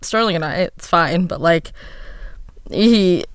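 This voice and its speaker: A woman co-hosting a casual parenting chat, telling animated stories and jumping high in pitch when quoting her child. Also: slow, clean tone, dry recording, clean studio sound. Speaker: podcast co-host and mother.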